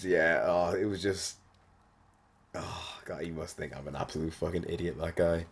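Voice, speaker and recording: Deep-voiced sweary man. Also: level tone, moderate pace, vocal fry, slight background noise. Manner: blunt and sweary, frequent fillers. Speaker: podcast host. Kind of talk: casual monologue.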